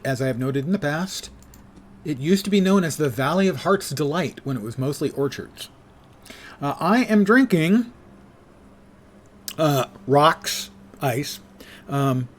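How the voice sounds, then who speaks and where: A man in his sixties streaming a game and chatting casually, with dry, self-mocking asides. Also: a little high. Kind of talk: casual live gameplay chat.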